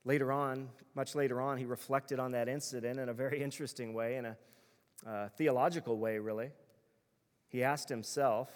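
A man's voice: medium pitch, steady tone, normal speed, big-room sound. A male pastor preaching a sermon in an earnest, emphatic way, building his points through repeated phrases.

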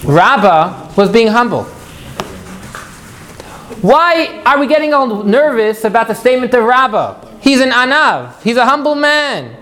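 Animated man teaching a class. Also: very high-pitched, unhurried. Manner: animated, questioning the class, jokey asides. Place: room with a live class.

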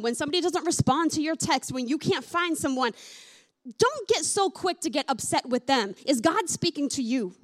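A woman preaching a sermon in a candid, conversational way. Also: sits high. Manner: conversational, candid, with many fillers like "like". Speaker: pastor.

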